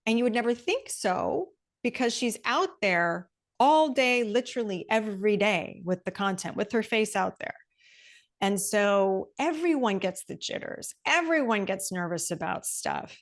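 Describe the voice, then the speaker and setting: Middle-aged woman podcast host, average pitch, energetic and pep-talking, casual swearing. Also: measured pace. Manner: enthusiastic, fired-up, swears casually. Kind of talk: casual interview chat.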